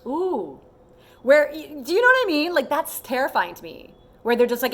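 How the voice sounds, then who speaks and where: Thirtysomething woman vlogging, chatty and animated, does little voices for other people mid-rant. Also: sits high, moderate pace. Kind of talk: casual monologue to camera.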